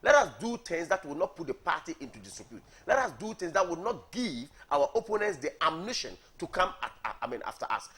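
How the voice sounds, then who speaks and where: His voice is fairly high, fairly bright, and slightly rough. This Ghanaian party coordinator is a guest in a morning TV studio, arguing hard in a heated political debate, repeating words for emphasis and asking "are you getting me."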